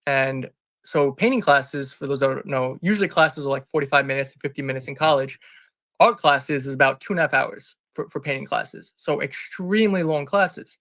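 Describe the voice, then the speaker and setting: A man's voice: medium pitch, moderate pace, fairly bright tone, no room sound. A man speaking as an interview guest, telling a candid personal story in an earnest, rambling way and often restarting or correcting himself. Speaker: interview guest, business founder.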